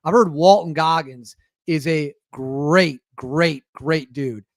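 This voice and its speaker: A man with a fairly high pitch talks slowly as host of his own show. He gives casual, sarcastic, rambling commentary and often halts himself partway through sentences. Dry, studio-quality recording.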